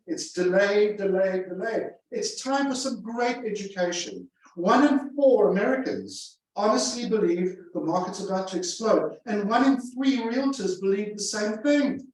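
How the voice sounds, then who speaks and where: Guy running a sales seminar, kinda high voice, super echoey hall, mic far off, keeps repeating stuff for punch. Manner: emphatic, repeats phrases for effect. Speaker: real estate sales trainer. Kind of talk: live seminar presentation. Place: large room with a live audience. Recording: echoey room from a distance.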